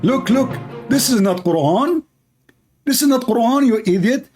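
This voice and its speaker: A man voicing a mocking, squeaky male online commenter who scolds in an exaggerated way. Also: expressive, a little slow, darkish tone, faint music behind. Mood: scolding.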